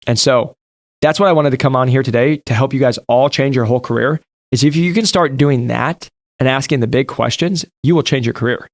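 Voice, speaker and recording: A man's voice: mid-range voice, no room sound, studio quality. A man hosting a podcast, giving an emphatic motivational talk straight to his listeners. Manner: emphatic, direct, addresses listeners as you guys. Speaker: podcast host and sales coach. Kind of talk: motivational monologue.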